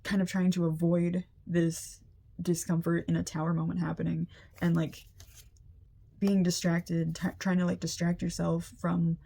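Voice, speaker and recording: A woman's voice: fairly low pitch, completely flat delivery, a little slow, vocal fry, dark tone. A young woman giving a casual, empathetic energy reading, chatty and full of "like" fillers. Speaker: energy reader. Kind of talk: casual spiritual reading to camera.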